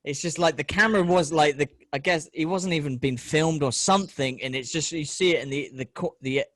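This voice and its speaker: A man, middle-aged, hosting a casual chat and telling rambling, sweary stories with animated quoted voices. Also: a little high, fairly quick, dry recording. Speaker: podcast host.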